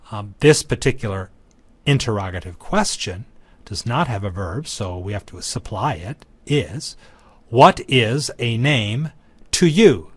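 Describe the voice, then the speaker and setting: A man's voice: lowish voice, breathy edge. A man teaching Greek grammar in a recorded lecture, explaining each form patiently and methodically, with frequent ums. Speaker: Greek instructor.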